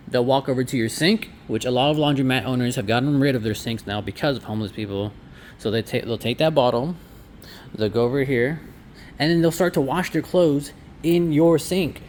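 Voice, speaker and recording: A man's voice: medium pitch, fairly quick, darkish tone, slight background noise. A man who owns a laundromat, talking casually through a walkthrough vlog with sarcastic asides. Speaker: laundromat owner. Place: inside a laundromat.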